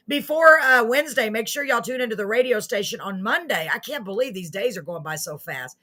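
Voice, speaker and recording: Bright-voiced woman hosting a live chat show. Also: fairly high pitch, lively intonation, normal speed. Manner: chatty, self-mocking, warm toward viewers. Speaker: host of a live online show. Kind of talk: casual livestream chat to viewers.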